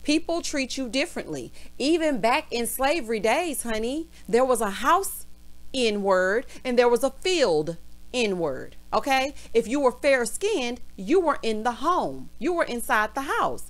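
A woman's voice: a little high, sing-song, a little slow. Sassy woman ranting. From Southern US. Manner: sassy, calls everyone honey and girl. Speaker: reality TV recap host. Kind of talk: casual recap rant.

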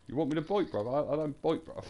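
A man's voice: fairly high pitch, expressive, quick pace, dull audio. A man, chatting casually on a live stream in a blunt, slangy way that is full of swearing.

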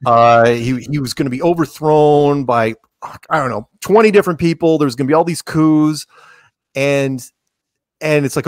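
A man's voice: medium pitch, normal speed, long pauses, dry recording. Rambling man on a dry remote call. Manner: rambling, restarts often, sarcastic asides. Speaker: podcast guest. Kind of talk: casual conversational interview.

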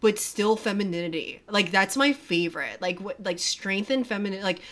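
A woman streamer reacting live in a casual, excitable way, swearing a lot and filling her talk with "like". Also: mid-range voice, moderate pace. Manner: gushing and excitable, swears a lot, full of "like" fillers. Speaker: streamer reacting to a music video. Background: music from the video playing.

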